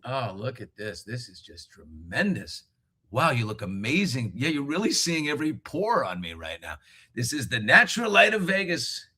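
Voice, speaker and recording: A middle-aged host runs a live talk show from a hotel room, chatting casually and joking a lot. His slightly rough voice sits at medium pitch and moves at a normal speed. He's animated and laughs often.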